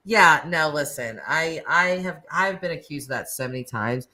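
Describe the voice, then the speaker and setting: A woman with a Northeastern American accent hosts a laid-back live chat. Her voice sits low for a woman. She rambles happily, full of "like," "you know" and little laughs. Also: lively intonation, measured pace, sharp tone. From Northeastern United States. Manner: chatty and rambling, frequent "like" and laughs. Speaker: host of live chat stream. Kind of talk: casual live-stream chat with viewers.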